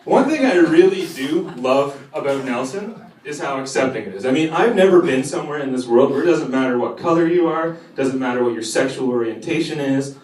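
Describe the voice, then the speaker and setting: A man's voice: mid-range voice, expressive, fairly quick, hardly any pauses, a little mellow. A young man doing a crude stand-up set, swearing and working the crowd in a cafe. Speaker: stand-up comedian. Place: cafe stage before a live audience. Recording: echoey room heard from a distance, crowd laughing.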